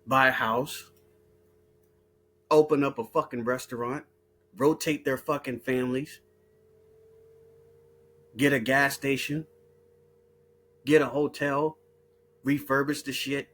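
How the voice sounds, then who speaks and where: A man's voice: mid-range voice, steady tone, slow pace, pauses often, fairly bright tone. A man hosting his own video, talking in a heated, profane monologue full of repeated words and restarts. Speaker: video host. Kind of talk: casual monologue.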